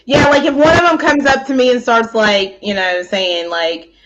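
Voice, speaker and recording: A woman co-hosting a casual chat, rambling and animated with many filler words. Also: on the high side, moderate pace, dull audio. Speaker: co-host.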